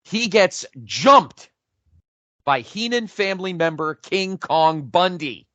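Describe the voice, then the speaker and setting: This podcast co-host's voice is bright, forceful, and a little high, and he takes it slowly. In excited casual chat he narrates an imagined match as a breathless, profane play-by-play, swearing freely. The audio is dry and somewhat dull, like a lo-fi home podcast.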